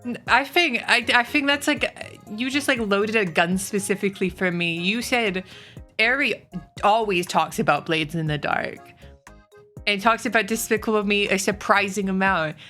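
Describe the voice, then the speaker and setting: Chatty woman streamer, bright voice. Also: medium pitch, normal speed, soft background music. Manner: chatty, swearing, animated rants. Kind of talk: casual stream chat, reading chat.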